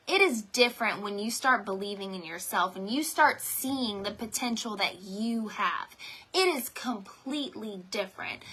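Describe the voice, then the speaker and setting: A woman from North Carolina, a direct sales team leader, rambles and chats straight to viewers in a motivational live stream from her home. Her voice is on the high side, bright and forceful.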